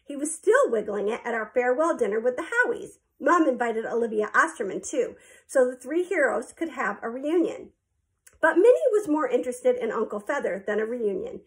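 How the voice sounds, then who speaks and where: A woman narrates a children's storybook aloud in a clear, even storyteller's manner. Her voice is high and lively, with plenty of rise and fall. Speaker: audiobook reader.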